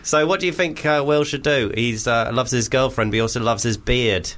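A man's voice: medium pitch, brisk, a bit bright, a little hiss or hum. A man hosting a casual comedy radio show, jokey and laughing often. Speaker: radio host. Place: radio studio.

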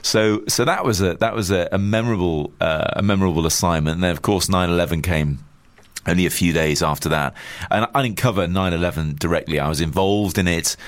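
A middle-aged man from Chester speaks in a very low voice, recorded close and dry with no room sound. He talks as an interviewed journalist, thoughtful and halting, circling back over his words before landing a point. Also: no room sound. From Chester, England. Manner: reflective, with many restarts and fillers. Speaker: journalist guest. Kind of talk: conversational interview.

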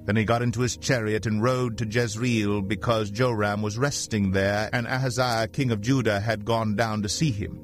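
A man narrating a scripture passage in a steady, even reading voice. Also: on the low side, moderate pace, hardly any pauses, soft background music.

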